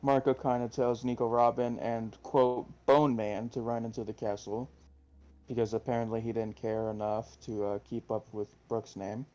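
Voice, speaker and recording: A man co-hosting a podcast in a relaxed way, hesitating as he recaps a comic. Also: medium pitch, moderate pace. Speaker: podcast co-host. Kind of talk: casual chat, recapping a comic. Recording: dull lo-fi sound.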